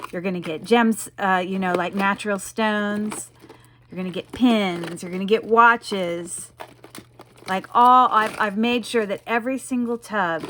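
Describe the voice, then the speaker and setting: A woman's voice: mid-range voice, fairly bright tone, slight background noise. A woman casually presenting jewelry she sells, chatty and rambling with lots of ums, in an enthusiastic selling tone. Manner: chatty, rambling, frequent ums and you-knows. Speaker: jewelry seller presenting her wares. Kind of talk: casual product showcase.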